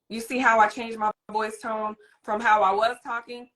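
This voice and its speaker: A woman hosts a parenting conversation, her voice sitting a little high. She explains things like a teacher, lively and direct with the audience. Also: moderate pace, few pauses. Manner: animated, teacherly, demonstrates a soothing voice. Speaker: host and parenting coach. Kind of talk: live interview chat.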